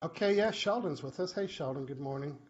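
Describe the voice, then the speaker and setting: A man hosting a live online question-and-answer show, chatty and animated, often acting out short quoted exchanges. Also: a little high, fairly quick. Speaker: host. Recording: muffled live-stream audio with faint hiss.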